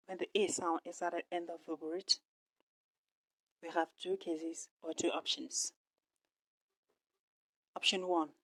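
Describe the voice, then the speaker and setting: Woman teaching a French lesson, slightly low voice. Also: no echo. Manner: explains step by step with frequent "right?" checks. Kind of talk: online language lesson.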